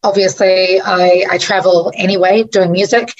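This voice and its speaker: A woman with a New Zealand accent carrying a slight American twang, talking as a musician guest on a radio show. Her voice has a gravelly, creaky edge, and she tells her stories conversationally, often restarting her sentences. The sound is a little dull and lo-fi. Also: medium pitch, steady tone, moderate pace. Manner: warm conversational storytelling with frequent restarts. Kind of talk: radio interview, storytelling.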